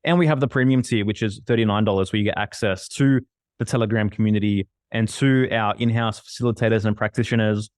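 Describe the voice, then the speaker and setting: A man's voice: on the low side, fairly even intonation, quick pace, darkish tone, dry recording, studio quality. A man hosting a podcast, enthusiastically promoting membership tiers with emphatic delivery. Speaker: podcast host. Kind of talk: promotional read.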